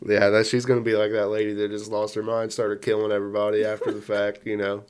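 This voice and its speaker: A man's voice: lowish voice, completely flat delivery, fast, a little mellow, clear, resonant tone. A man co-hosting a comedy podcast, telling stories with a laugh and acting out what others said. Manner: laughing storyteller, acts out quotes. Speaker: podcast co-host. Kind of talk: casual comedy chat.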